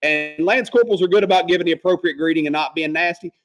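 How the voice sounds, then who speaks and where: A former Marine telling profane, animated service stories on a casual podcast. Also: male voice, a little high, fast talker, soft background music, poor audio. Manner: profane, animated storyteller acting out quotes.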